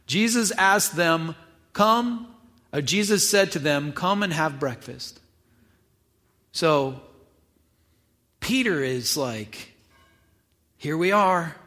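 A man's voice: a little high, lively intonation, slow, long pauses, sharp tone. A man preaching a sermon, retelling a scripture reading in a casual, conversational way with acted asides. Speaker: pastor.

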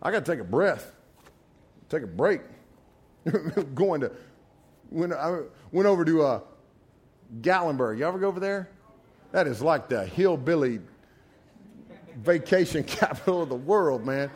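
A man's voice: on the high side, a little slow, long pauses, breathy edge. A man preaching a sermon, telling folksy personal stories with frequent laughter. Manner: animated storyteller, laughs often, folksy asides.

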